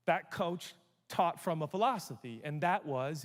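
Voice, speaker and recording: A male pastor with a high, bright-toned voice, preaching in a large church hall with a long, ringing reverb. He swings from loud, emphatic proclamations to low, chatty asides, and throws in humor for his congregation. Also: expressive, a little slow. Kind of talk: sermon.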